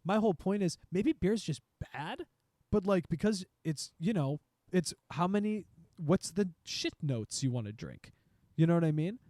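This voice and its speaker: A young man chats loosely on a podcast, his voice sitting a little high for a man. He rambles, swears freely and drifts off on tangents. The sound is dry and close to the mic. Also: animated, moderate pace, warm tone, no room sound. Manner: rambling, profane, goes off on tangents. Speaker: podcast co-host. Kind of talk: casual chat.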